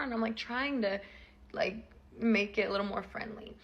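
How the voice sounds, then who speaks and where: A woman's voice: medium pitch, brisk, creaky, muffled recording. A woman in her twenties telling a personal story in a chatty, casual vlog style, full of fillers.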